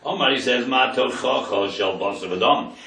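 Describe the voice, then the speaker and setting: A man's voice: medium pitch, moderate pace, sharp tone. A man, a rabbi, giving a Torah lesson. He retells the scripture dramatically and translates it verse by verse. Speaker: rabbi teaching a Torah class. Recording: roomy sound from a distant mic.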